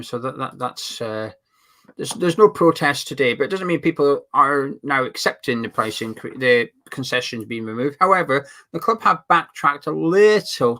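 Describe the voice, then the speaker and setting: Bright-voiced man reading fan comments. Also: medium pitch. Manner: rambling, reads out viewer names and comments. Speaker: fan channel co-host. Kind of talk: casual football fan chat reading viewer comments.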